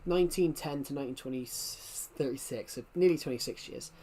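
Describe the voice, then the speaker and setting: A man's voice: medium pitch, fairly quick, mellow, slightly rough. A young man with a working-class southwest England accent, chatting casually on a live stream, rambling and repeating himself as he reads the chat aloud.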